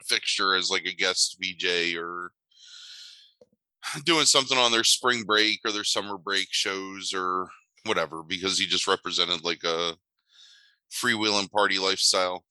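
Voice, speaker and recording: A man's voice: deep voice, normal speed, pushed and bright, dry recording, rough recording. A man co-hosting a casual movie podcast, talking in a dry, sardonic way with frequent ums. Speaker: podcast co-host.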